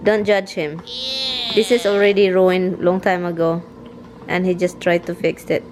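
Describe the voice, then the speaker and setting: A woman's voice: on the low side, flat delivery, measured pace, darkish tone, slight background noise. A woman with a Filipino accent chatting casually to camera as a vlogger, laughing often while she talks about her husband. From Philippines. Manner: giggly, laughs often while telling stories. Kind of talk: casual vlog chat.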